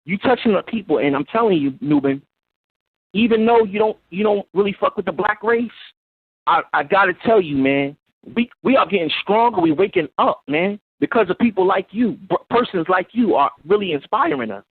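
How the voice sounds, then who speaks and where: High, husky man pleading on a phone line. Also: animated, dry recording. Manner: earnest, pleading, halting with fillers. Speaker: caller. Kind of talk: call-in phone talk.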